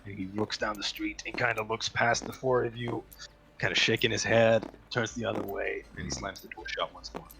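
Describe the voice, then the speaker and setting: A man's voice: fairly low pitch, steady tone, fairly quick, gravelly. A man narrating a tabletop game as game master, with frequent hesitant fillers.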